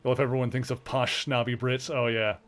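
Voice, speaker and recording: A man's voice: medium pitch, little pitch movement, a little fast, fairly bright tone, faint music behind. A man with a mild Canadian accent, chatting casually while streaming a game, rambling with lots of fillers and restarts. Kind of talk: casual chat while gaming.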